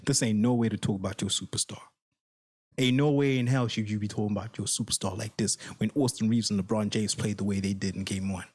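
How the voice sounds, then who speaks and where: A man's voice: lowish voice, fairly even intonation, fast talker, a little mellow, husky. A man hosting a sports reaction channel, ranting heatedly and profanely at his viewers, repeating his points for emphasis. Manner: heated, repetitive, profane, addresses viewers directly. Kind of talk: angry solo reaction rant.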